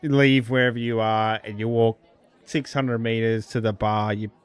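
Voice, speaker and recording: A relaxed man co-hosting a casual pub chat about home brewing over a video call. He tells stories at an easy pace and jokes around, with a faint crowd hum behind him. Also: on the low side, normal speed, clear, resonant tone. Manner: relaxed, storytelling, joking. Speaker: podcast co-host.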